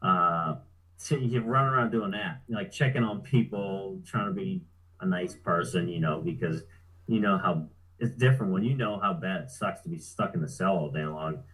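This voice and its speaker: Laid-back, profane man with a low voice. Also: moderate pace, a bit bright, low-quality recording. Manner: laid-back, profane, chuckles while telling. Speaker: guest. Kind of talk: casual storytelling.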